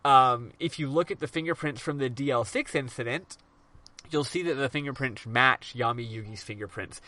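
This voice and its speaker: Man, podcast host, bright voice, rambling, profane, casual game recap. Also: mid-range voice, normal speed, no room sound.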